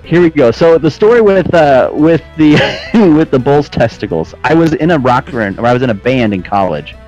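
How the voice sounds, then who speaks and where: A man's voice: medium pitch, lively intonation, moderate pace, darkish tone, lo-fi sound, soft background music. A man chatting casually as a podcast guest, telling a story with lots of laughing and "dude" and "man". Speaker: podcast guest, flight sim air traffic controller.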